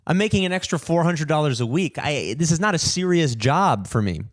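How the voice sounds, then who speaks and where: A young man hosting a podcast, telling a story in an animated, swearing rant and mimicking people in higher voices. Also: brisk, dry recording, clean studio sound. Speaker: podcast host, comedian.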